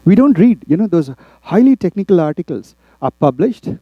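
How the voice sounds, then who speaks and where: A man from India teaching a class, often checking in with the students with quick tag questions. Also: sits high, big pitch swings, no echo, dull audio. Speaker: instructor. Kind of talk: classroom lecture.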